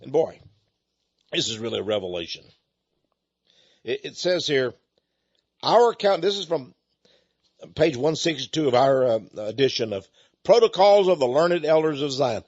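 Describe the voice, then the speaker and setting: A man with a husky, slightly rough voice hosts a radio talk show in a folksy, chatty way, often stumbling over repeated words. He talks at a middling pitch. The recording sounds dull and lo-fi. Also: big pitch swings, moderate pace, pauses often, darkish tone. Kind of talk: radio talk and donation appeal.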